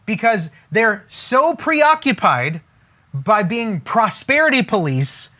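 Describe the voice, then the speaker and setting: Man, high voice, lively swoops, emphatic preacher, repeats words. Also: takes it slowly. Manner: emphatic, repeats words, quotes imagined believers in a higher voice. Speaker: faith-based money teacher. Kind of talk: preaching-style teaching video.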